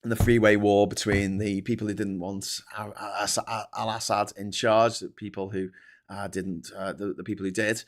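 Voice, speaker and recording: A man's voice: on the low side, flat delivery, normal speed. A man hosting a casual live-stream show, reading out news and commenting with sarcasm, swearing and many restarts. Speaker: host.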